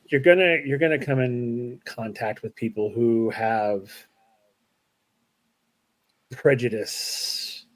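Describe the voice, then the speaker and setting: A man voicing a cautious, apologetic mother in a tabletop game, speaking softly and politely. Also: mid-range voice, fairly even intonation, slow pace, pauses often, lightly acted. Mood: earnest warning. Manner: soft-spoken, polite, warning. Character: cautious, apologetic mother, middle-aged woman.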